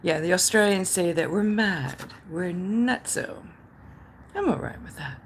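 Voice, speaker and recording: Unhurried and fairly low-pitched but with lively intonation, a Canadian livestream host rambles to her viewers, leaning on fillers as she reads chat comments aloud and reacts to them. A little hiss or hum sits in the background.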